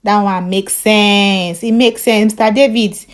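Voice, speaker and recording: Woman doing a loud Nigerian radio host. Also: medium pitch, steady tone, measured pace, close to an everyday voice. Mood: lively. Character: male radio show host, lively and chatty.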